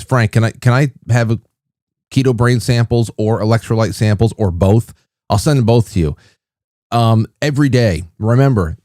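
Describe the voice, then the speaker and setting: A man's voice: lowish voice, darkish tone, no room sound, studio quality. A middle-aged man hosting a livestream, chatting casually to viewers and often repeating his words as he rambles. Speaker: livestream host.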